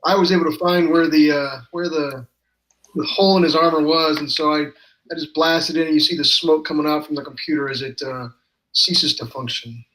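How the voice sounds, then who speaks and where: A man's voice: fairly high pitch, steady tone, fairly bright tone, poor audio. A man playing a tabletop game over a voice call, describing what his character does with frequent restarts. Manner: hesitant restarts, then rushes descriptions. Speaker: player.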